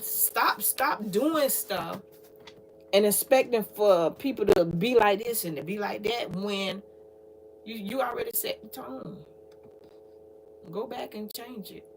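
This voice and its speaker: A woman's voice: medium pitch, slight background noise. A middle-aged woman, talking casually to her livestream viewers and lecturing them in a repetitive, preachy way. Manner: preachy, lively, repetitive, talks straight to viewers. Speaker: livestream host.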